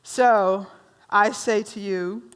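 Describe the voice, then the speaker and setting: A woman's voice: mid-range voice, steady tone, drawn-out words, clear, resonant tone. A woman minister from rural North Carolina with a Southern drawl, teaching a workshop in a conversational way and teasing her audience with questions.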